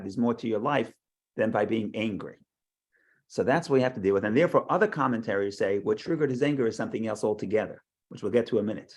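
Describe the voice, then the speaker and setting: Gravelly man lecturing a Torah class. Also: mid-range voice. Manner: talks in restarts and repeats words, asks rhetorical questions.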